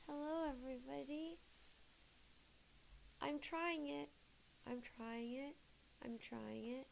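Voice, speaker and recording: A woman's voice: high voice, steady tone, takes it slowly, gravelly, long pauses, noisy background. A woman livestreamer chatting nervously with her viewers, thanking them as she talks. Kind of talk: casual livestream chat.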